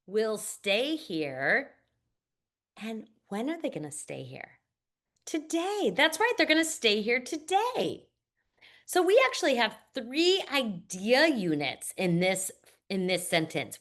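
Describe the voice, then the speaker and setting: A woman's voice: medium pitch, a bit bright. A woman literacy instructor walking teachers through a reading lesson, modeling classroom routines. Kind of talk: teacher training demonstration.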